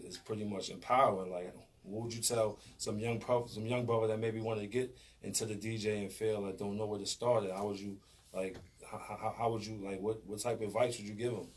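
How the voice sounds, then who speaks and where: A man's voice: lowish voice, fairly even intonation, fairly quick, a little hiss or hum. A man hosting a casual interview, stammering and repeating words as he asks questions and backs the guest with "right, right". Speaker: interviewer, show host.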